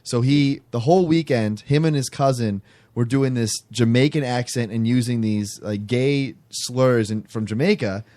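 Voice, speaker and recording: A man's voice: medium pitch, moderate pace, dark tone. Rambling man telling a story. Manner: rambling, many restarts and fillers. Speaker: podcast guest telling a story. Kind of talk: casual chat, storytelling.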